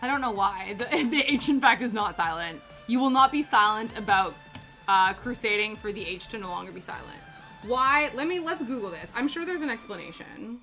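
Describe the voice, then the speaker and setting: A British woman chats casually through a livestream, reacting to messages with plenty of laughter. Her voice sits a little high and has a crisp, bright edge. Quiet music plays faintly behind her. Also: animated, normal speed. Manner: chatty, reacts aloud to chat with frequent laughter. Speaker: streamer. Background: faint background music.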